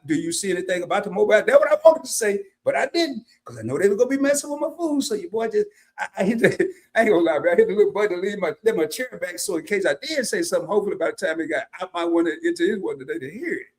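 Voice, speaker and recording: A man, telling a casual story on his live stream and greeting chatters by name. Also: high voice.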